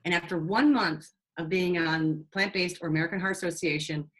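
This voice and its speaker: A middle-aged woman nurse, a guest, telling a story in an animated, chatty way. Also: on the low side, brisk, poor audio. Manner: animated, chatty, with fillers and restarts. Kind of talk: casual storytelling in a conversation.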